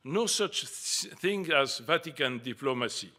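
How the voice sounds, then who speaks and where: Older French-accented man, bright voice. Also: on the high side, lively intonation. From France. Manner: careful, slightly halting delivery with small self-deprecating asides. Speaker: diplomat giving a lecture. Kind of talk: formal prepared address.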